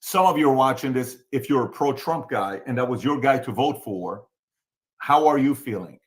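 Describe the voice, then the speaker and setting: A man's voice: medium pitch, animated, moderate pace. A man from the Middle East with a Middle Eastern accent, hosting a casual political talk show and repeating his points emphatically. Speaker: show host.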